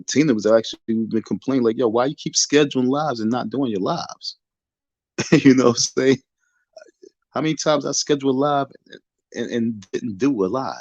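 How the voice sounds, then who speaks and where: Low-voiced man lecturing over a phone. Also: a little mellow, dry recording, lo-fi sound. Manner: repetitive, defiant, sermon-like lecturing. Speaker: livestream host. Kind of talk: casual preachy livestream rant. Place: bedroom in the dark.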